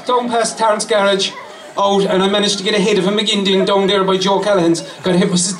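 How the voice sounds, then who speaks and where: A man's voice: sits high, flat delivery, fast talker, hardly any pauses. An Irish man, a former racer, giving a laughing, anecdotal speech to a crowd at a celebration. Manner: laughing storyteller who acts out quotes. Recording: distant mic, echoey, crowd noise.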